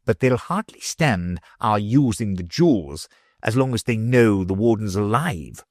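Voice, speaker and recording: A man's voice: fairly low pitch, expressive, measured pace, no room sound, studio quality. A man doing a sly, scheming vice ruler. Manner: sly and uneasy. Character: scheming, cowardly middle-aged male ruler.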